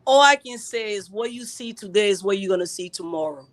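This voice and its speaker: A woman's voice: medium pitch, animated, fairly quick. Middle aged woman on a live interview, pushes back hard, says things twice. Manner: emphatic, repeats phrases for force. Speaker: political candidate guest.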